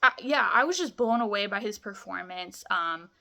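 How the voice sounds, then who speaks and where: A woman's voice: mid-range voice, lively intonation, normal speed, creaky, pushed and bright. A young woman vlogging a film review, gushing in casual chat, full of "like" and "amazing".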